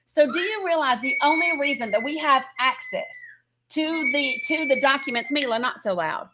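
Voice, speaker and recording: A woman's voice: sits high, bright, forceful tone. A woman from Northeast Tennessee hosting a political live stream, talking emphatically and insistently while greeting viewers in the chat.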